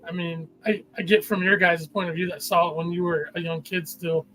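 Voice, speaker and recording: A man's voice: high-pitched, flat delivery, brisk, a bit bright, faint music behind, rough recording. A young man chatting enthusiastically as a guest on a casual video-call livestream, rambling with lots of fillers.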